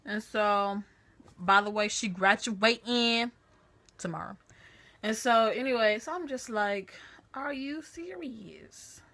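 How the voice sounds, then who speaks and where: A woman vlogger chatting to a phone camera, retelling a family story in a lively, chatty way. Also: mid-range voice, a little slow.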